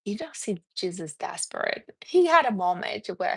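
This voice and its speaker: Hosting a live stream as a self-esteem coach, a Brazilian woman whose first language is Portuguese speaks earnestly and casually, reading chat names and answering viewers. Her husky, mid-range voice has vocal fry and jumps high when lively, at a moderate pace with few pauses. The recording is close and dead dry, with no room sound.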